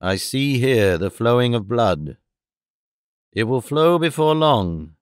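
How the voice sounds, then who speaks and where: A man voicing a stately, commanding middle-aged fortune-teller queen in an audiobook, speaking slowly and gravely. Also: mid-range voice, expressive, dry recording, studio quality. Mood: stern, ominous. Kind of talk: audiobook reading.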